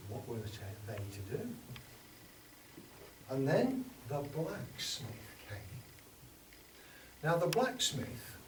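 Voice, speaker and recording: Slow English storyteller in a roomy hall. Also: male voice, mid-range voice. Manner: dramatic, dropping to whispers and rising for effect. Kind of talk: oral folk tale telling. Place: storytelling event. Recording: roomy sound from far off with background noise.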